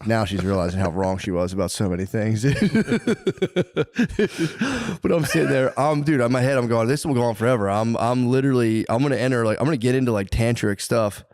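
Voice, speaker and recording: Man, podcast co-host, crude banter, animated delivery, high yelps at the punchlines, dry close sound. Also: fast talker, few pauses, no echo.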